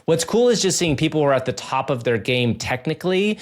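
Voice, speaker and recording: A man's voice: on the high side, expressive, fairly quick. A man co-hosting a podcast, talking in an enthusiastic, chatty way with lots of "like". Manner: enthusiastic, chatty, many fillers like "like". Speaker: podcast co-host. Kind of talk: casual chat.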